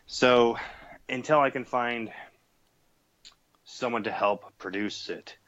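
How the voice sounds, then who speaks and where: A man's voice: medium pitch, slow, fairly bright tone, dry recording. A man talking as a podcast guest in casual chat, chatty and laughing, with many fillers. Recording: dull lo-fi sound.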